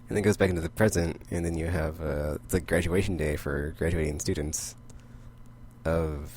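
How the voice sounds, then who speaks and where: A man's voice: low voice, fairly even intonation, normal speed, darkish tone, a little hiss or hum. A man casually recapping comic books, rambling and full of "like". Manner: rambling, heavy use of "like". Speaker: comic book vlogger.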